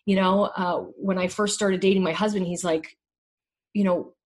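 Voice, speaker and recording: A middle-aged woman candidly sharing her personal story in an emotional conversation, halting and restarting often. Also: mid-range voice, steady tone, darkish tone.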